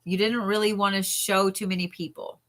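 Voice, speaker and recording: Bright, chatty woman with a drawl, live tarot reader, animated and casual. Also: mid-range voice, normal speed. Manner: chatty and animated, with frequent laughs and yawns. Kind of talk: live-stream card reading.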